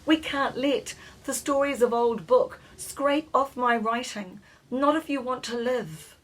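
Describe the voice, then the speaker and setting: A woman voicing a frightened young boy in a storybook, yelling and pleading in a high, breathy voice. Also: unhurried, rough recording.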